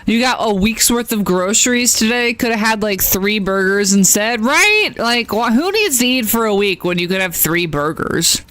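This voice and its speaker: A woman's voice: mid-range voice, lively intonation, normal speed, hardly any pauses, fairly bright tone, no room sound. A woman streaming a video game, chatting casually in rambling asides and laughing often. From United States. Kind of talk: casual chat while playing a video game.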